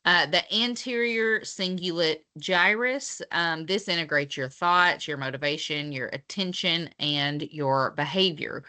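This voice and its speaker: A woman's voice: low-pitched, sharp tone. A woman teaching physical therapy students in a casual lecture, with lots of fillers as she explains.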